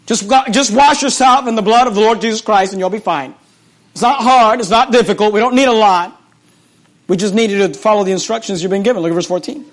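Reading scripture and then retelling it, this preacher speaks quickly in a high voice. He repeats phrases animatedly, his sermon shifting from loud to hushed and back.

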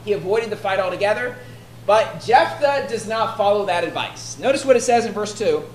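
A woman's voice: medium pitch, animated, moderate pace. Woman preaching, conversational, reads scripture, roomy echo, faint background hum. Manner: conversational, keeps asking "right?"; reads scripture aloud in archaic wording. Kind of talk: expository sermon. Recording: echoey room with faint ambience.

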